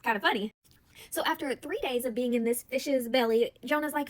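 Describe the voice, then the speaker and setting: A woman retelling a bible story in a chatty, animated way, with casual storytelling and lots of "like". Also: sits high, fairly quick. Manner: chatty and animated, heavy use of "like". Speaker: bible study vlogger.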